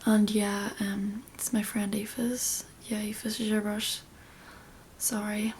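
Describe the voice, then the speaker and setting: A woman's voice: mid-range voice, level tone, slow pace, darkish tone, slight background noise. A young woman giving a casual makeup tutorial, chatty and rambling, often dropping into a half-whisper. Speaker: beauty vlogger.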